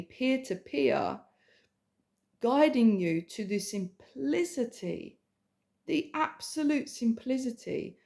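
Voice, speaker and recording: A woman spiritual coach giving an emotional, earnest sales pitch, repeating herself and speaking intimately to the listener. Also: a little mellow. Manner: earnest, repetitive, swears casually; addresses the listener intimately as hun and babe.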